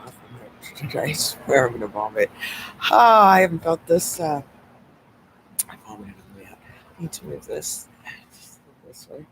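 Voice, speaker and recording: A man's voice: a little high, very animated, normal speed, gravelly, long pauses, noisy background. A man live-streaming from a phone outdoors, rambling and swearing, often dropping into a mumbled whisper. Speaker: livestreamer. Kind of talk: casual live stream monologue. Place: outdoors on a street at sunset. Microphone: phone camera.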